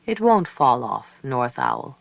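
Guy reading a soft old granny, slow n gentle, gravelly voice, close dry mic. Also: mid-range voice, wildly swooping pitch, dry recording, lo-fi sound, voice pushed down, heavily acted. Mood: tender. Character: thin older grandmother, gentle and wry.

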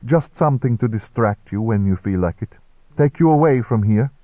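A man voicing a kindly, teasing female nurse with a gentle manner. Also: medium pitch, animated, moderate pace, no room sound, lightly acted. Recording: dry, tinny narrow-band recording.

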